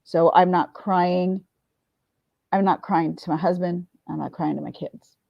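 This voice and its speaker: A woman's voice: on the low side, fairly even intonation, unhurried, vocal fry, slightly rough, no room sound, dull audio. A woman in her forties talking candidly to camera, teary at times and swearing freely. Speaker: vlogger. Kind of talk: emotional confessional talk to camera.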